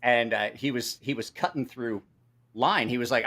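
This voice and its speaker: A middle-aged man hosts a casual live chat, telling salty stories full of swearing and acting out quotes. His mid-range voice is a bit bright, and he speaks at a normal speed.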